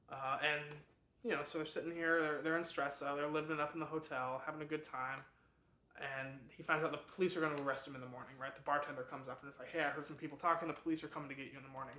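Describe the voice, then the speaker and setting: Chatty book club host, slightly high and bright, rambling, echoey room. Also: male voice. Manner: chatty, rambling, laughs at the plot. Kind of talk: casual book summary.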